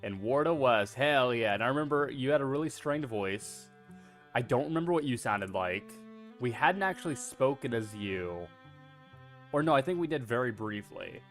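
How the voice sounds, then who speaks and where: A man's voice: medium pitch, expressive, moderate pace, a bit bright, soft background music. Rambling, foul-mouthed male streamer. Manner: rambling, swears freely, self-deprecating. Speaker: VTuber streamer. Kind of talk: casual livestream chatter.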